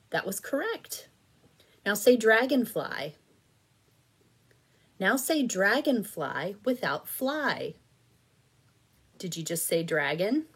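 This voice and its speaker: A woman teaching reading to children, patient and encouraging, slowly and clearly spelling out syllables. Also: fairly low pitch. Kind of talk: slow, clearly enunciated instruction for children.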